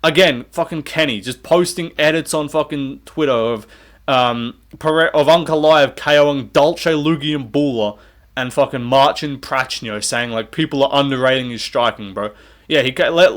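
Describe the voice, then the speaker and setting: Young man ranting, sarcastic and profane. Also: on the high side. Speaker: MMA commentator. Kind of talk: ranting fight-prediction vlog.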